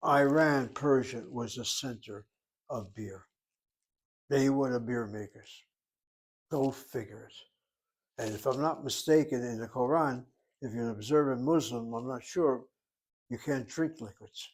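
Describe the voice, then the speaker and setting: A man's voice: medium pitch, a little slow. An older man teaching a Hebrew class, explaining words and asking and answering his own questions. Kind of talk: classroom lecture.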